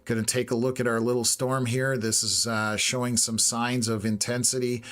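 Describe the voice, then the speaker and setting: A man commentates a live storm tracker in a level, even-pitched voice. He sounds a little hoarse, as if he is losing his voice. He talks at an unhurried pace and fills his pauses with "uh.". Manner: steady, unhurried, lots of "uh" pauses. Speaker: weather stream host.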